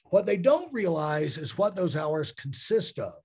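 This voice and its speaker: A man's voice: fairly high pitch, big pitch swings, a little slow, husky. A male host with a slightly raised voice leads the talk with his guest. He muses aloud and stretches out words for emphasis. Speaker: podcast host. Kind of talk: conversational interview.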